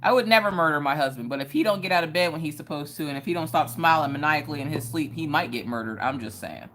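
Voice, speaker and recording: A woman's voice: low-pitched, fast talker, a bit bright, a little hiss or hum. A woman hosting a casual craft livestream, chatting playfully, laughing often and reading viewer comments aloud. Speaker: livestream host.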